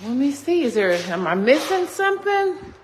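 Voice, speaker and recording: A Texas woman with a high, very animated voice and a moderate pace gives a chatty walkthrough of a new model home, exclaiming often and calling her viewers "y'all." She's a realtor filming on her phone inside an empty house still under construction, and the rooms sound echoey with faint noise.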